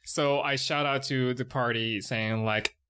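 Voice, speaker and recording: A man's voice: medium pitch, fairly even intonation, measured pace, sharp tone, a little hiss or hum. A man playing a tabletop role-playing game, casually calling out his actions. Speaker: player.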